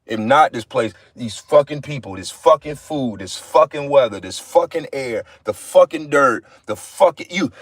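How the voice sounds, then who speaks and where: A man's voice: a little high, fairly bright tone, dry recording. Blunt, profane man preaching. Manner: repeats phrases for emphasis. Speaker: livestream preacher. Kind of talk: informal livestream sermon.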